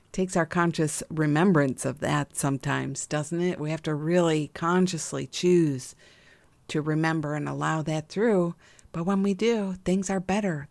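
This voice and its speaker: A woman hosting a gentle spiritual podcast, talking in a slow, soothing and affectionate way with soft laughs. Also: lowish voice, gravelly, dry recording. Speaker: podcast host and intuitive healer. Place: home room with window open.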